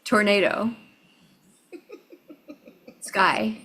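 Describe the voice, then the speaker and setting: Very slow woman calling out single words. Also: mid-range voice, slightly rough, poor audio. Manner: lists single-word guesses flatly. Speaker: game player. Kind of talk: guessing game.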